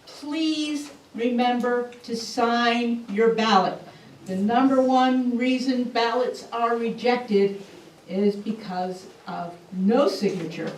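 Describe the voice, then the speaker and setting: A woman moderating a voter forum, reading closing announcements in a deliberate, instructive way. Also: on the high side, slight background noise. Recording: echoey hall, distant mic.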